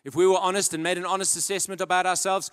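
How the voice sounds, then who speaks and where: A man preaching a sermon in earnest storytelling style, dropping to a hush and then rising to loud emphasis. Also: high voice, flat delivery, fast talker, clear, resonant tone. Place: large church hall. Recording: long church-hall reverb.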